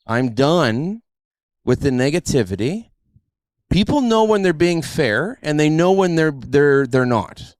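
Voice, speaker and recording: A middle-aged male podcast host tells stories in a casual chat, animatedly acting out what other people said. His voice is fairly high and a little slow, recorded cleanly in a studio with no echo.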